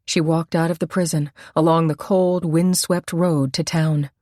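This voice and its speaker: A woman narrating a suspense novel in a measured, steady storytelling voice on a close microphone. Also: deep voice, dry recording. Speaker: audiobook narrator. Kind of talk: scripted narration.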